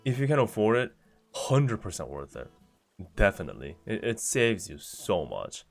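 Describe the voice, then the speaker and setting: A man's voice: fairly low pitch, very animated, normal speed, gravelly, soft background music. A man streaming casually, reading viewer messages aloud and answering them one by one in a chatty way. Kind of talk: casual livestream chat.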